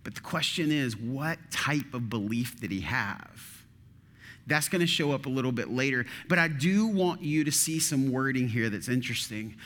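A man's voice: mid-range voice, expressive, normal speed, fairly bright tone, long reverb tail. A male teaching pastor giving a sermon in a church, reading scripture aloud and asking the room questions, with touches of dry sarcasm. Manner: conversational, asks the room questions.

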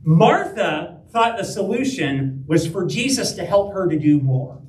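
A man's voice: high voice, expressive, measured pace, darkish tone, a little hiss or hum. A man preaching a conversational sermon, often checking in with "right?" and "okay?". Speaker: pastor. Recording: echoey room, heard from a distance.

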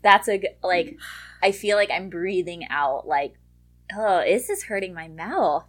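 Woman podcast co-host, fairly low voice, wry blunt humor, casual swearing. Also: expressive, unhurried. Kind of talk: casual chat.

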